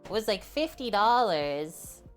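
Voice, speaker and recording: A woman's voice: mid-range voice, sing-song, unhurried, soft background music. A woman hosting a cooking livestream, chatting casually with viewers and laughing easily. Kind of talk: casual chat with stream viewers.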